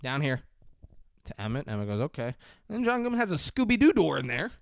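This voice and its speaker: A young man co-hosting a casual film review podcast, an animated storyteller who swears freely and slips into mock outrage. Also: sits high, quick pace, vocal fry, dry recording, clean studio sound. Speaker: podcast co-host.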